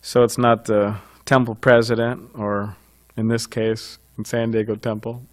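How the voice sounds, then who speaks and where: A man's voice: lowish voice, level tone, a little slow. A man giving an informal scripture class, talking conversationally with frequent fillers and light chuckles.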